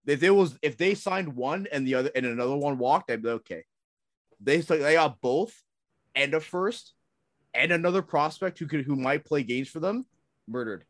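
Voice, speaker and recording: A man's voice: a little high, expressive, moderate pace, dry recording, clean studio sound. A man co-hosting a casual sports podcast, joking and emphatic, repeating words for effect. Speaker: podcast co-host.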